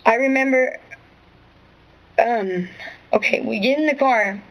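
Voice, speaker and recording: A woman with a somewhat high voice tells her account to an interviewer. She rambles, curses freely and keeps restarting her sentences with filler phrases. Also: slow, rough recording. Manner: rambling, profane, full of restarts and "you know what I'm saying". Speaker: witness being questioned.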